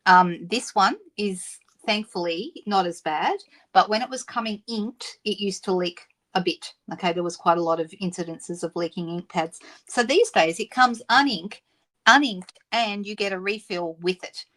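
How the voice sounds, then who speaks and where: A woman's voice: mid-range voice, normal speed. A middle-aged woman from Australia hosting a live papercraft demonstration, chatting and greeting viewers by name between explanations. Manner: warm, laughing asides. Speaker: papercraft host. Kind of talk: live-stream craft demonstration.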